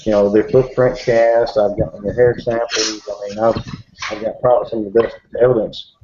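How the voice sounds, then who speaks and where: A man's voice: on the low side, flat delivery, normal speed, a crowd in the background. A man telling a story in casual talk, rambling with many fillers and restarts. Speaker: bigfoot researcher. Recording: dull recording with faint hiss.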